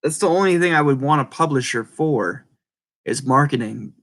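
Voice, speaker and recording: A man with a speech impediment chatting casually and rambling to viewers, halting and apologetic, often restarting his words. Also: mid-range voice, expressive, a bit bright. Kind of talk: casual rambling livestream chat.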